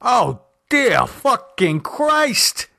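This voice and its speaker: A man voicing a panicky, crude middle-aged husband in an audio horror story, shouting and swearing frantically. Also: very high voice, very animated, takes it slowly, gravelly, pitched above the performer's own voice, full character voice. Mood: frantic.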